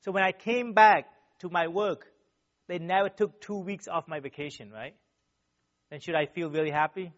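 High-pitched male church speaker, earnest and animated, with a constant "right?" tag; muffled lo-fi recording. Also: moderate pace. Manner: tags nearly every sentence with a questioning "right?". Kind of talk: sermon with personal stories. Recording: dull, lo-fi sound.

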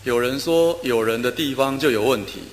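A man preaching a sermon in short phrases, pausing for an interpreter, with steady delivery and frequent filler sounds. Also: medium pitch, slight background noise. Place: church hall. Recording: reverberant hall, faint ambience.

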